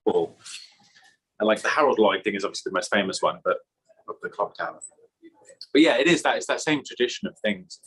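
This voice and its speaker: A man's voice: on the low side, lively intonation, fairly quick, pauses often, a bit bright, breathy edge, poor audio. An English man guest in casual interview chat, rambling and restarting his sentences, laughing often. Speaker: magician guest.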